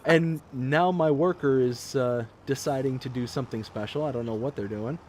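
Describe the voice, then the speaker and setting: A man's voice: mid-range voice, moderate pace, background noise. A man hosting a farming game livestream, reading viewer comments aloud in a chatty manner and laughing often. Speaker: livestream host.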